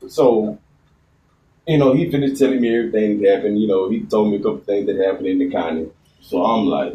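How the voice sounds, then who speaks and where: Brief: Texan man, mellow relaxed voice, casual profane storytelling, recorded from a distance with a roomy sound. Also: fairly low pitch, a little fast, a little hiss or hum. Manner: laid-back, profane, rambling storytelling. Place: outdoors in a garden.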